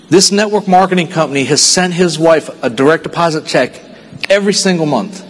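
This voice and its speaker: A man from Texas giving an earnest motivational stage speech at a sales convention, telling a story and dropping his voice quiet for the sad parts. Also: on the high side. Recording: long hall reverb.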